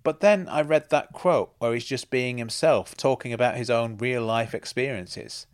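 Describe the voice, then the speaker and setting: A man's voice: medium pitch, moderate pace, no room sound, studio quality. Man narrating a story, wry. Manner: reflective, wry. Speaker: narrator and author. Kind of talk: first-person story narration.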